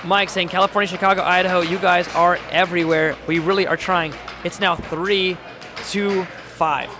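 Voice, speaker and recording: A man doing live-stream sports commentary, calling plays in quick bursts and reading chat aloud with jokes. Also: sits high, little pitch movement, music in the background. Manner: rapid play-calling, reads chat aloud, jokey. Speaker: play-by-play commentator. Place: home studio.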